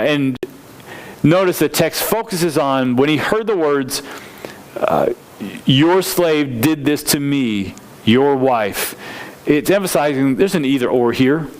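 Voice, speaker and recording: Male pastor with a slightly raised voice, explaining a text carefully and restating points as he goes. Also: on the high side. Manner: reads scripture slowly and deliberately. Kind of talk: verse-by-verse Bible teaching.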